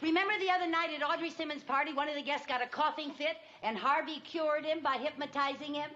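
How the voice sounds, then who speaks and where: A woman's voice: high-pitched, fast, pushed and bright. An actress playing an eager, scheming woman in a sitcom, bubbly and persuasive. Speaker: sitcom character. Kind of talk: sitcom acting. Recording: muffled TV audio with laugh track and hiss.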